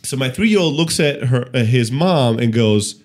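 A man in his thirties co-hosting a relaxed business podcast. His pitch swings widely as he tells stories, acting out quoted lines. He talks in a loose, chatty way. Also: moderate pace. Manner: animated storyteller, acts out quotes. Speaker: podcast co-host. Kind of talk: casual business podcast chat.

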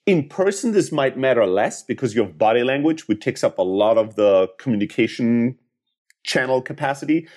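A man's voice: mid-range voice, lively intonation, moderate pace, darkish tone. A man giving sales advice as a podcast guest, explaining things step by step and checking in with little tag questions. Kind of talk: casual advice in a podcast interview.

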